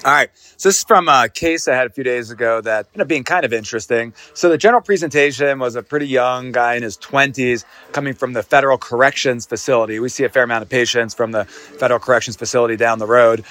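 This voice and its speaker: ER doctor, male, easygoing case-recap delivery, mid-pitched. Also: fast talker. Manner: relaxed, conversational with hedging fillers. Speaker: emergency physician. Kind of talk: casual case talk.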